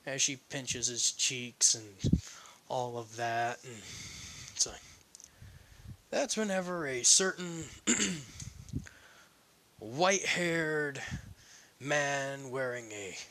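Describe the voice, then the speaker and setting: A man's voice: medium pitch, very slow, pauses often, pushed and bright, a little hiss or hum. A man telling a fan story in a casual, rambling improvised narration. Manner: rambling with fillers and restarts.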